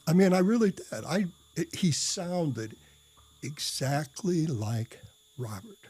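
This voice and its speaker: Slow, mellow-voiced man telling a story. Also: fairly high pitch, big pitch swings, husky. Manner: rambling, hesitant, full of fillers and restarts; blunt, profane. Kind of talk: casual spoken storytelling.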